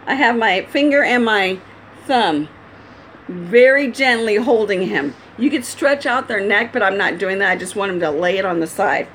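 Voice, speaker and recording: A woman's voice: mid-range voice, moderate pace, fairly bright tone, a little hiss or hum. A woman talking casually at home, explaining step by step how she handles her pet bird, laughing often. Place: at home indoors.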